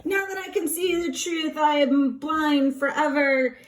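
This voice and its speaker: A woman's voice: high-pitched, unhurried. A woman voicing an anguished tragic king who wails and sobs melodramatically over his fate, in a casual classroom retelling. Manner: melodramatic, sobbing outbursts.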